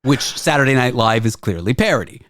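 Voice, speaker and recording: Lively chatty male radio host. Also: mid-range voice, brisk, no room sound, clean studio sound. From Canada. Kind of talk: casual conversation.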